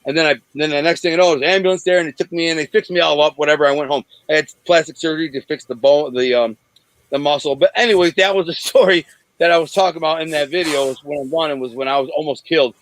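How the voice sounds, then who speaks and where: A man in his forties from Detroit, bluntly telling rough stories in an interview over a video call, rambling with many restarts. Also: fairly high pitch, steady tone, quick pace, a bit bright, low-quality recording. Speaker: interview guest. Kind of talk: candid storytelling in an interview.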